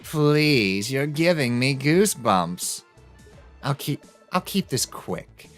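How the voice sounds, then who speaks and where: A woman voicing a cunning, swaggering female pirate captain villain in a low, taunting way during a game let's play. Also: big pitch swings, soft background music, heavily acted. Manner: low, menacing, drawn-out taunting.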